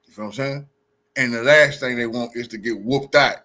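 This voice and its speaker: A man's voice: medium pitch, steady tone, a little fast, bright, forceful tone. A man livestreaming, telling a story in a brash, heated way with constant swearing. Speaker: livestream host. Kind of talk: profane casual storytelling.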